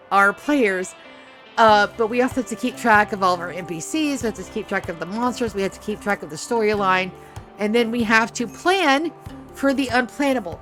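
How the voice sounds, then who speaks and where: Woman streamer, higher register, loose rambling profane storyteller, light music under her. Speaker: streamer and game master. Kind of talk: casual chat while streaming a game.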